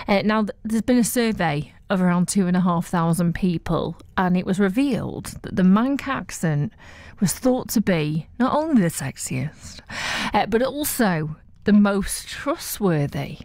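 A woman's voice: medium pitch, lively intonation, measured pace, a little mellow, no room sound. Chatty Mancunian woman on breakfast radio. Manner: upbeat and chatty with frequent fillers. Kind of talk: chatty live radio presenting. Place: radio studio. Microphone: studio microphone.

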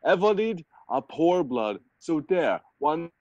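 A young man reading a bad fan story aloud for laughs, sarcastic and animated, over a voice call. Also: on the high side, takes it slowly, no room sound, muffled recording. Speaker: reader in a group reading. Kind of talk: mock-dramatic comedic reading aloud.

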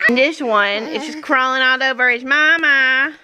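A woman's voice: high-pitched, moderate pace, sharp tone, smooth, low-quality recording. A mother vlogging casually, coaxing her baby in a playful sing-song voice. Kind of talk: casual vlog chat and baby talk.

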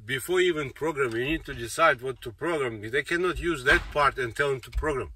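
A man's voice: medium pitch, fairly quick, pushed and bright, breathy edge. A man talking in an insistent, rambling monologue, repeating himself and circling back to the same points. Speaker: speaker giving a monologue. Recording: distant mic with faint noise.

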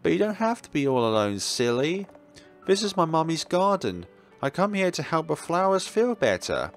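A man's voice: fairly high pitch, sing-song, moderate pace, faint music behind, voice pushed up. A man voicing a cheerful, bossy little girl in a horror game playthrough, talking in a bubbly, chirpy way.

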